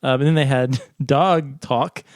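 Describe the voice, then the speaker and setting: A man's voice: mid-range voice, a little slow, dry recording, studio quality. A man co-hosting a podcast, explaining a research study in casual chat and laughing often. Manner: chatty, laughs often, reads scripts aloud. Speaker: podcast co-host.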